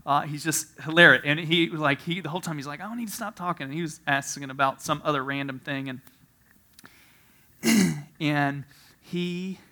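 A man preaching a sermon, telling a story with frequent laughter, swinging from quiet asides to loud emphasis. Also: fairly high pitch, normal speed. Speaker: pastor.

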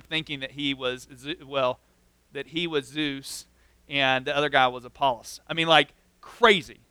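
High, bright-voiced man preaching casually. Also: clean tone, no echo. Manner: casual, constantly says "like". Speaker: pastor. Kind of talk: conversational sermon.

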